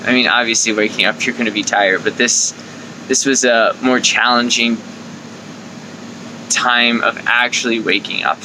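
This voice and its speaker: Young male vlog host, bright and tense tone, chatty coaching delivery that acts out inner voices. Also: medium pitch, moderate pace, slight background noise, poor audio. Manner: conversational, acts out inner thoughts with lively quoted asides. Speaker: life coach and video host. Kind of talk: casual talking-to-camera advice.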